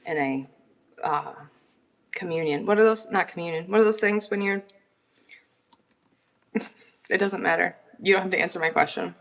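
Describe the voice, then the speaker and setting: A woman's voice: lowish voice, a bit bright. A woman hosting a live selling stream, chatting casually with viewers in a rambling, teasing way. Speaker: live-stream seller host.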